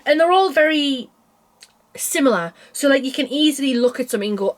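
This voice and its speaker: A woman's voice: sits high, expressive, brisk. Tired chatty woman. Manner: rambling, chatty, frequent yawns and laughs. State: tired, yawning. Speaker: cross stitch vlogger. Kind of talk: casual chat.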